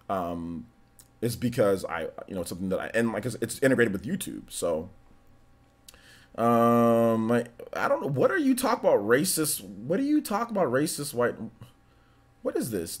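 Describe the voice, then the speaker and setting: Rambling male streamer, lively pitch. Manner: rambling, restarts, talks to chat. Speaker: live-stream host. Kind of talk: casual live-stream Q&A chat.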